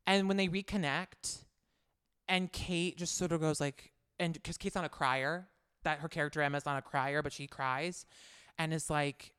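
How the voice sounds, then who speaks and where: Enthusiastic man with a smooth voice. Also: on the high side, steady tone, moderate pace, fairly bright tone. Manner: enthusiastic, rambling. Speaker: podcast co-host. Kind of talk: casual chat.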